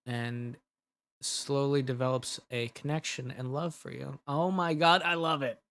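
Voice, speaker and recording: A man's voice: medium pitch, steady tone, unhurried, a bit bright. A young man, an audio drama creator, chatting casually and brainstorming ideas, rambling and laughing as he cuts himself off. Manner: rambling, giggly, self-interrupting.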